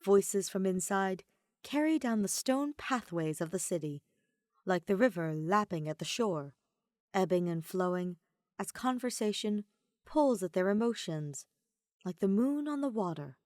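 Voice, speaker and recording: A woman narrating fan fiction as an audiobook, in a measured, reflective read. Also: medium pitch, animated, darkish tone, dry recording, studio quality. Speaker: podfic reader.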